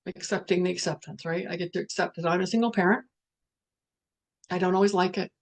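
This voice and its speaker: A woman's voice: on the low side, fairly even intonation, brisk. Middle-aged woman facilitator, earnest and blunt, spiritual talk delivery. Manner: candid, earnest, swears, reads out participants' messages. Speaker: workshop facilitator.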